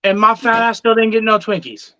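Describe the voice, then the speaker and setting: A man casually telling a story in an animated way, swearing freely and acting out what people said. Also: high-pitched, fairly quick, dry recording. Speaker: reptile keeper telling a story. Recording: dull, dry, lo-fi sound.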